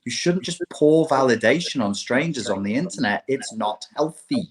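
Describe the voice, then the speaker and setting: A man's voice: mid-range voice, expressive, moderate pace, low-quality recording. A man co-hosting a casual chat, speaking wryly and laughing easily. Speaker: podcast co-host.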